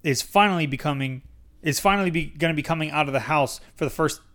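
A man's voice: fairly high pitch, fast talker, natural voice. A man reading as a manic ringleader barking orders. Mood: bossy, excited. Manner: loud, pushy and enthusiastic. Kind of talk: read-aloud dialogue from a memoir.

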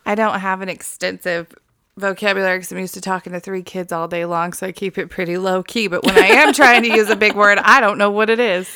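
A woman in her thirties co-hosting a podcast, trading quick, joking banter about her kids in casual chat. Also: medium pitch, little pitch movement, sharp tone, smooth, no echo, studio quality. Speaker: podcast co-host. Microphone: studio microphone.

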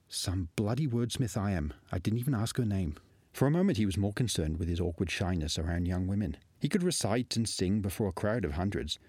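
A man from the UK reading his own fantasy novel aloud in a steady, even storytelling voice, recorded in his home studio. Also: sits low, slightly rough, dry recording. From United Kingdom. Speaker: author.

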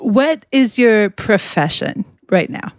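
A woman's voice: mid-range voice, very animated, slow, no room sound, clean studio sound. A middle-aged woman from Indianapolis hosting a friendly, conversational interview. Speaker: podcast host.

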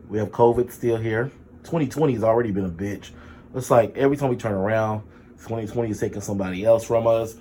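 A man telling a story casually to his viewers, sick with a sore throat and low energy, chatty and expressive, with sudden high exclamations and sassy asides. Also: slight background noise. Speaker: vlogger.

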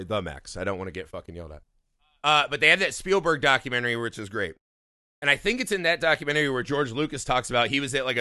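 A man from Indiana spins a wild story in casual podcast talk, swearing freely and laughing along. His voice is bright and forward, and the recording is dry and close. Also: medium pitch, no echo. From Indiana, USA. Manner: profane, animated storytelling with frequent laughs. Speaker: podcast co-host. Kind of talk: casual chat.

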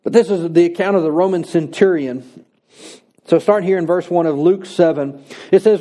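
Male preacher, slightly high, mellow voice, earnest sermon delivery with emphatic slowdowns. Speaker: pastor.

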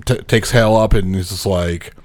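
A man co-hosting a podcast movie review, relaxed and joking as he walks through the plot. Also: on the low side, moderate pace. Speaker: podcast co-host. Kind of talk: casual movie review chat.

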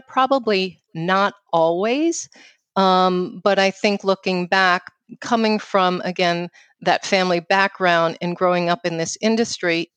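A woman in her fifties with a New York accent, a guest speaking in an outspoken, quick, casual way with lots of "you know.". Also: mid-range voice, no room sound. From New York City. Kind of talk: casual interview conversation.

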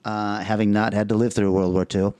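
A man hosting a podcast in casual chat, enthusiastic and quick to laugh. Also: fairly low pitch, level tone, a little mellow, clean tone, no echo. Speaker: podcast host.

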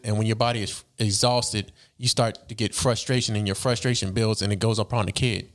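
A man's voice: mid-range voice, brisk, hardly any pauses, a bit bright. A young man in casual chat, explaining at length and insisting on finishing his point.

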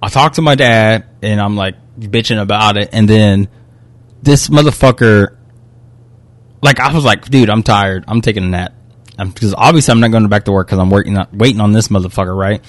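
A man's voice: on the low side, normal speed, dry recording. Young guy podcast co-host, swears constantly, worked-up storyteller, dry close sound. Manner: profane, heated, animated retelling. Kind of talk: casual chat, storytelling a complaint.

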